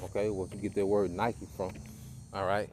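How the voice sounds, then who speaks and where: A man's voice: sits low, flat delivery, moderate pace. A man giving an informal sermon to a group of brothers, tagging his points with "man" and "okay?". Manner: casual preaching, tags lines with "man" and "okay". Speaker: teacher of a Bible study group. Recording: loud background noise.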